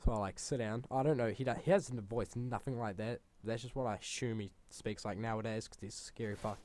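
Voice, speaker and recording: A man's voice: on the low side, fairly even intonation, fairly quick, a little mellow, slight background noise. A young man, a gaming channel host telling a rambling school story over gameplay, swearing freely and exaggerating.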